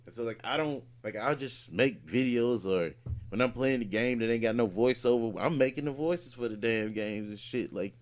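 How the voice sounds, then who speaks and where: A man's voice: mid-range voice, normal speed. A man, a voice actor and podcast co-host, chatting casually and telling a rambling story with lots of fillers and restarts. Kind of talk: casual chat.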